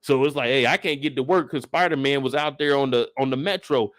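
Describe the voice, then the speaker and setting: A man delivering an animated, profane, exasperated comedic rant. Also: mid-range voice, brisk, no echo, clean studio sound.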